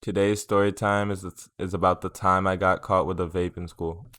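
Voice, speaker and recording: A man's voice: low-pitched, flat delivery, moderate pace, fairly bright tone, no room sound. A young man telling a story in a casual, rambling way, swearing and filling it with "like" and "um". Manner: rambling, profane, filler-heavy. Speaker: vlogger.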